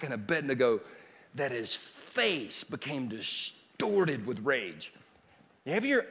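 A man preaching a sermon, moving between loud declarations and quiet storytelling. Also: fairly high pitch, creaky, slightly rough. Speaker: pastor. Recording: long hall reverb.

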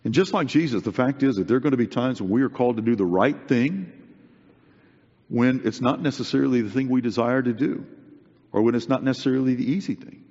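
A man preaches a sermon in a reverberant hall, earnest and conversational, repeating things for emphasis. His mid-range voice is brisk with a darkish tone. The recording is dull with long hall reverb.

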